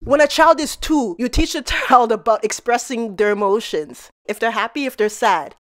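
Woman commentator, casual, slightly high-pitched, chatty, laughs a lot. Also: moderate pace. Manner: chatty, laughs between points, addresses people directly. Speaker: commentary channel host.

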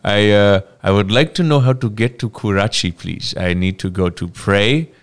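A man's voice: fairly low pitch, moderate pace, lightly acted. Man doing a jokey earnest traveller with a put-on Pakistani accent, clean voice. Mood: mock earnest. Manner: joking, giggly, exaggerated. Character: adult male tourist, mock Pakistani accent, earnest.

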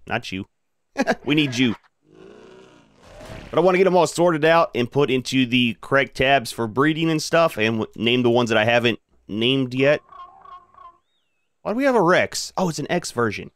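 A man's voice: mid-range voice, a bit bright, no room sound. Laid-back man narrating his gameplay. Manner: laid-back, talks to his creatures, fillers like "man" and "dude". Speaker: gaming channel host. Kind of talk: casual gameplay commentary.

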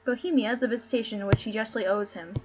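A woman reading aloud the part of a courtly male lord speaking in formal verse, in a plain and halting way. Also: a little high, muffled recording, background noise, lightly acted.

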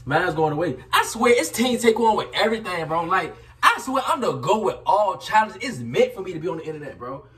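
High-voiced, teasing young man vlogging. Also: very animated, brisk, few pauses, distant mic. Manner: teasing, boastful, laughing. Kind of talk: casual teasing vlog banter. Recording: roomy sound from off-mic with loud background noise.

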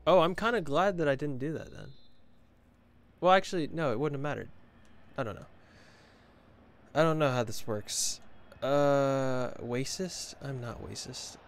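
Joking, somewhat high-voiced gaming streamer man. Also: normal speed, long pauses, clean tone. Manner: joking, sarcastic, self-mocking. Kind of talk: casual live gameplay commentary, reading chat.

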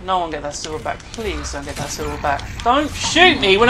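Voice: mid-range voice, big pitch swings, fairly quick. Frustrated swearing gamer over game music. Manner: frustrated, swearing, groaning often; talks to opponents on screen. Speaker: gamer streaming live play. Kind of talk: live gameplay commentary.

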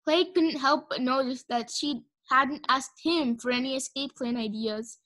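Lady reading a kids dragon book out loud, high voice, little slip-ups. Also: unhurried. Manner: reads aloud with small slips. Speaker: audiobook reader. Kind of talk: casual audiobook reading.

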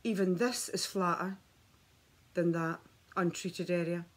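A husky woman with a low voice chats to her viewers while filming herself at home. She is enthusiastic and keeps talking straight to the camera, heard through the camera mic. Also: steady tone, a little slow. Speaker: beauty vlogger. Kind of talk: chatty product demonstration.

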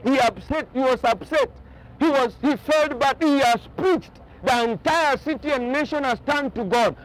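Male pastor, very high voice, emphatic repetitive preaching style. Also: moderate pace, rough recording. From Kenya. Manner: emphatic preaching with repeated phrases. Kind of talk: sermon. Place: outdoors on a boat by the ocean.

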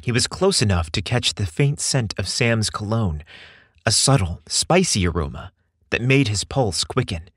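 A man reading a scripted story aloud with expressive, measured storytelling. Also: fairly low pitch, husky, dry recording, studio quality. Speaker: narrator.

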